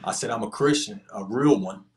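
A man appears as a podcast guest, telling an earnest testimony story about prison in casual, slangy speech with quoted dialogue. His voice is fairly low and brisk.

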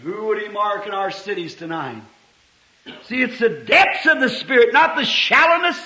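A man preaching a sermon at a church service, swinging from hushed, folksy talk to sudden impassioned shouts. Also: high voice, big pitch swings, normal speed. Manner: folksy, homespun phrasing. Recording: echoey old church sermon recording.

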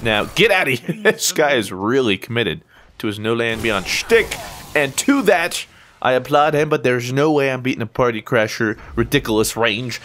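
An American man giving casual, excitable commentary over his own gameplay, full of sudden yelps and playful trash talk. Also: mid-range voice, moderate pace. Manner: excitable, yelps and exclaims during fights. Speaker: gaming YouTuber.

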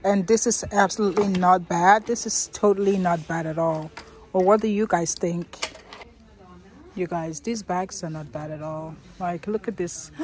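A young woman vlogging casually while shopping, chatty and excitable, laughing often. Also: mid-range voice. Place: shopping mall.

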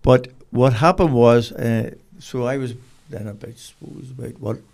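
Gravelly older Northern Irish man. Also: mid-range voice, unhurried. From Northern Ireland. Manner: rambling, animated storyteller. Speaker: guest, dog trainer. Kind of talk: casual storytelling.

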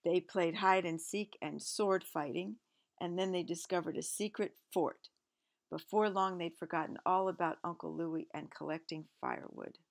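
A woman reading a picture book aloud, stopping often in a gentle, expressive way to explain the pictures. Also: lowish voice, normal speed, creaky.

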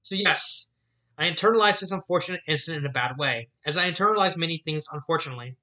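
A man's voice: on the high side, fast talker, sharp tone, highs cut off. A man voicing a refined, elegant young woman with genteel phrasing who calls others dear. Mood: wistful.

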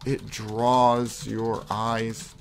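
A man's voice: lowish voice, flat delivery, very slow, creaky, faint music behind. A man giving melodramatic gameplay commentary, sighing heavily and lamenting in theatrical self-pity. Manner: theatrical self-pitying despair with heavy sighs. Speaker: gameplay video creator.

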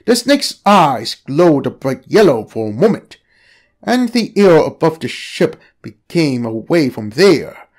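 A man reading a story aloud as narrator, in an expressive storytelling manner. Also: on the high side, a little slow. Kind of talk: scripted narration.

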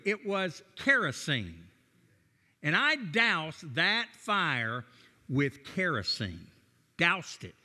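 A man's voice: a little high, bright, forceful tone, in a large hall. A man in his sixties with a Tennessee and Texas Southern accent, preaching a sermon as a guest pastor and telling stories with folksy, self-deprecating humor. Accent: Tennessee and Texan Southern American. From Nashville, Tennessee, USA. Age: 60s.

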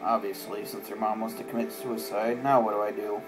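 A man giving casual let's play commentary with sarcastic, deadpan asides. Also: fairly low pitch, fairly quick, low-quality recording. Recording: game music playing behind.

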